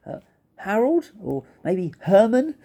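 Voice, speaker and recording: A man's voice: very animated, slow pace, creaky, warm tone, exaggerated voice. A man doing a small, earnest young porcupine. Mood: polite. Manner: earnest, hopeful, higher-pitched. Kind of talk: storybook read-aloud.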